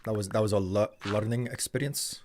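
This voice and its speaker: A man's voice: lowish voice, fairly even intonation, brisk, a little mellow, a little hiss or hum. A man streaming live, chatting casually with viewers, often hesitating and restarting his sentences. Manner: hesitant, restarts and repeats words.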